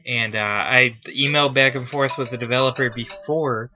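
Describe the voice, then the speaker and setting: A man's voice: mid-range voice, steady tone, moderate pace, dull audio. A man hosting a gaming vlog, talking casually off the cuff with many fillers and restarts. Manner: rambling, frequent fillers and restarts. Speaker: gaming video host. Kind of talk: casual unscripted vlog talk.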